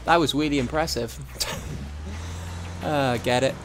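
A man's voice: mid-range voice, steady tone, a little slow, slight background noise. Chatty, foul-mouthed young man gaming. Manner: chatty, swears freely. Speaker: gaming channel host. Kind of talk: casual let's-play commentary.

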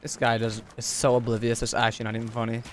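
A young man giving live gameplay commentary as a streamer, excitable, jumping from low grumbles to high yelps and shouts. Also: fast talker, heavy background noise. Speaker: gaming streamer. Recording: game gunfire and clicks behind voice.

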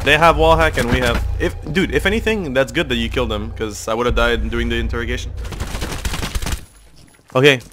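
A man's voice: mid-range voice, fairly quick, pauses often, over music. A man casually commenting on his own gameplay, chatty and swearing freely, explaining his tricks into a desk microphone. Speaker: gamer and video host.

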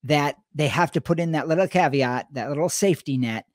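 A middle-aged man co-hosting a podcast, talking casually and retelling conversations in an animated way. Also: on the high side, brisk, dry recording, clean studio sound. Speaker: podcast co-host.

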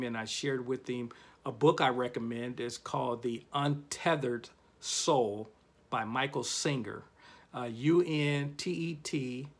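Male self-help host, gravelly voice, casual motivational storytelling, dramatic rises and drops. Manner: storytelling with big swings in pitch and loudness. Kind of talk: casual motivational talk to camera.

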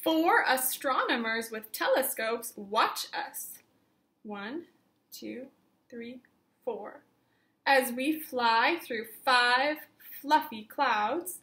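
A woman teacher reading a picture book aloud to young children, counting along slowly in a sing-song voice. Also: fairly high pitch, expressive, pushed and bright.

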